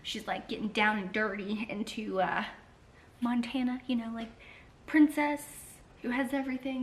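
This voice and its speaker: Casting: bright, slightly high-voiced woman, rambling casual vlog chat. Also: a little hiss or hum. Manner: chatty and rambling, many fillers. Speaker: book vlogger. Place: home library.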